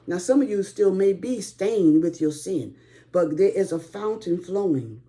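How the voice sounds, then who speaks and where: Woman, preacher, very warm dark tone, emotional, near tears, quick bursts, repeats "okay". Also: animated. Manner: sings hymn lines slowly and high, then preaches in quick bursts with many "okay?". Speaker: preacher leading a prayer call. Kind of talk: sermon with hymn singing.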